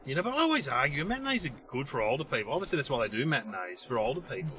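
Bright-voiced comedian host. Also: male voice, medium pitch, big pitch swings. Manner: easygoing, quick agreeing interjections. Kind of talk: casual chat.

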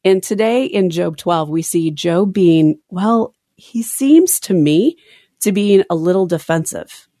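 Speaking slowly in a voice on the low side, this podcast co-host chats casually through a Bible study. She expressively reads verses and breaks off mid-thought, and the recording is dry and studio quality.

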